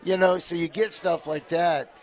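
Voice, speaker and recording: A middle-aged man from southeast Nebraska sits in as a comedian guest, spinning casual stories at a fairly high pitch. He leaps loud and high whenever he acts out what other people said. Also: normal speed. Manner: animated storyteller who jumps up loud and high when quoting people. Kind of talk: casual interview storytelling.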